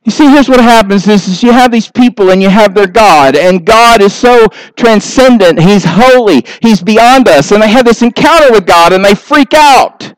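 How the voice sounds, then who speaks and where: A pastor preaching a sermon with animated delivery, briefly acting out the voices of people he describes. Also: high-pitched, moderate pace, few pauses, smooth, dry recording, rough recording.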